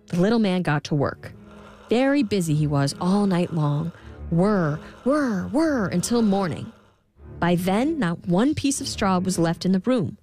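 A woman telling a fairy tale in scripted narration, expressive, giving the girl a higher voice. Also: unhurried, soft background music. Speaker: storyteller.

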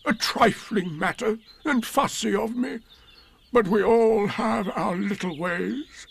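A man voicing a gloomy old male donkey in a storybook reading, slow and mournful. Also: high-pitched, gravelly, slightly rough, voice pushed up, full character voice.

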